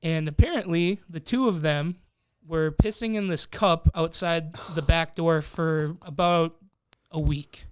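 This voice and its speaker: A man's voice: a little high, a little slow, clean tone, no echo, clean studio sound. A young man co-hosting a podcast, telling a story casually among friends, swearing freely and acting out what people said. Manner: profane, animated, acts out quoted voices. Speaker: podcast co-host.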